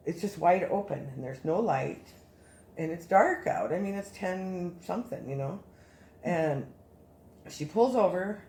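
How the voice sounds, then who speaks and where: A woman casually telling a story as a guest, animated and rambling with many restarts. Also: deep voice, roomy sound, a little hiss or hum.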